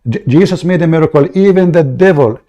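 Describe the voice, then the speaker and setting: Brief: male debate host, mellow tone, taunting and cutting in constantly. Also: a little high, fast talker, lo-fi sound. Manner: mocking, interrupting, repeats words. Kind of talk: heated live debate.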